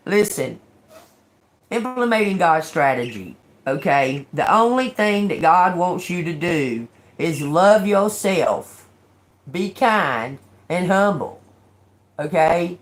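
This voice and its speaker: Low-pitched yet animated, this tarot reader speaks slowly during a casual live stream. She cheers her viewers on, caps many lines with "okay?", frequently restarts or repeats words, and throws in sarcastic quips.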